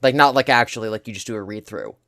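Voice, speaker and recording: A hoarse young man in his twenties, co-hosting a podcast and telling stories in a chatty way. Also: on the low side, fast talker, a bit bright, dry recording, clean studio sound. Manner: chatty, tells anecdotes. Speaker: podcast co-host. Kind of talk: casual chat.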